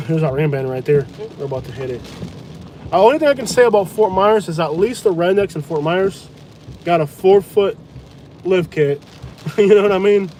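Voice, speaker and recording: Blunt, excitable male storm vlogger with a high voice, riding in a truck with rain faintly behind him. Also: normal speed. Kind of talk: live storm commentary. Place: inside a truck during a hurricane. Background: rain and wind.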